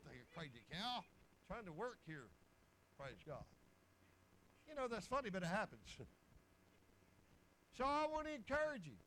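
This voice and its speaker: A man's voice: high-pitched, very animated, moderate pace, pauses often, a bit bright, slight background noise, low-quality recording. A man preaching a folksy sermon, telling homespun stories and chuckling along the way.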